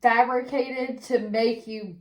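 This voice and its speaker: A woman with a somewhat high voice tells stories bluntly and swears freely in relaxed chat. Her voice rings around an echoey room. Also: takes it slowly. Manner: blunt, profane storytelling. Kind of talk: casual chat.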